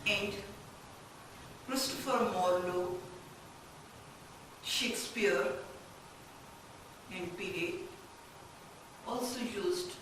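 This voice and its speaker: Slow lecturing woman in an echoey room. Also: medium pitch, a bit bright. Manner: slow, halting explanation with questions to the class. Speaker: literature lecturer. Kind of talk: classroom lecture. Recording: very echoey room, distant mic, faint noise.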